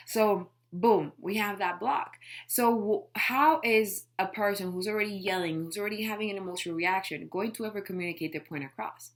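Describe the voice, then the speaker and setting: With few pauses and a brisk pace, a woman in a mid-range voice gives a casual motivational talk to camera as a life coach. She's emphatic, and rhetorical questions and "right?" keep cropping up.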